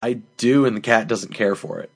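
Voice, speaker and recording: A man hosts a comedy podcast, bantering and joking, now and then sliding into a mock-grand, solemn delivery. His voice is medium in pitch with fairly even intonation and a moderate pace.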